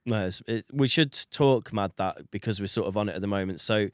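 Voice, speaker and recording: A man's voice: lowish voice, fairly quick, smooth, dry recording, studio quality. A man, hosting a casual podcast interview in a chummy, eager way. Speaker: podcast host.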